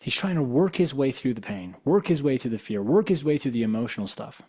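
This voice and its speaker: A man's voice: medium pitch, sing-song, brisk, a little mellow, slightly rough. A man giving a casual spiritual talk as a coach and guest speaker, telling stories conversationally with lots of "you know". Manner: casual, conversational, acts out quoted dialogue; loose and informal, with fillers like "you know". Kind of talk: live motivational talk with storytelling.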